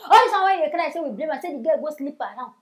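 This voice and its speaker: A woman's voice: sits high, animated, rapid-fire. A Nigerian woman hosting a comic celebrity news show, mocking and scolding in gossip commentary.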